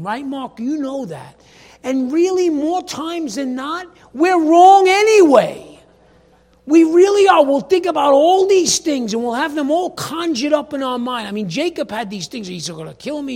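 High-voiced animated male preacher. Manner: animated, addresses congregation members by name; swings from soft asides to loud emphatic bursts. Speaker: pastor. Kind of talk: sermon.

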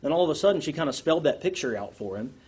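A man leading a church class discussion, asking the group questions in an animated, self-deprecating way. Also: a little high, racing, slightly rough.

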